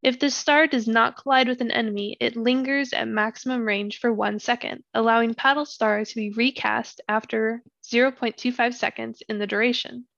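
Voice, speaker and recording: A woman with a slightly high, gravelly voice reads game numbers steadily, like a podcast co-host working through notes. The sound is dry and a little dull, as from a modest home mic. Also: moderate pace, few pauses, no room sound. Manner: steady, methodical reading of numbers. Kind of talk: reading game stats in casual chat.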